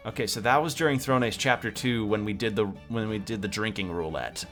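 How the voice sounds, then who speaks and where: A man streaming a video game and commenting in an excited, gushing way, often repeating himself. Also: fairly low pitch, a little fast, hardly any pauses, faint music behind. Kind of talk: casual let's-play commentary.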